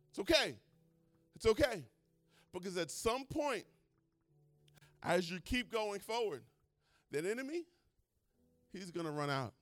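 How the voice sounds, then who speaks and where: Brief: high, bright male pastor, excitable, hushed to shouting, dry close sound. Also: measured pace, pauses often, no room sound. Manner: excitable, swings from hushed to shouting, retells stories in voices. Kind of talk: sermon.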